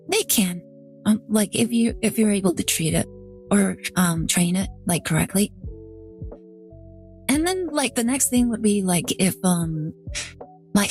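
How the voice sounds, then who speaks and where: A woman's voice: medium pitch, a little mellow. A woman streaming a game playthrough, chatting casually in a rambling way, full of fillers and restarts, and getting emotional when moved. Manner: rambling, heavy use of "like", many restarts. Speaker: VTuber streamer.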